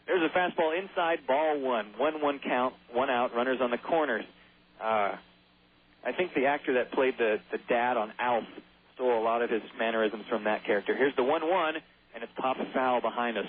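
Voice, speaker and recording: A man's voice: mid-range voice, a little fast, a little hiss or hum. Chatty man calling baseball on tinny radio. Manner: chatty, drifting into jokey asides. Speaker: baseball play-by-play announcer. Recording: tinny phone-like radio broadcast.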